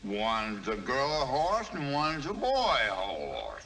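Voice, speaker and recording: Sardonic talking mule. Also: male voice, medium pitch, wildly swooping pitch, sharp tone, heavily acted. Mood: wry. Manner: dry, sardonic, slow drawl. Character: wisecracking talking male mule. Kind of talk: 1950s film comedy acting. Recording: old film soundtrack with noise.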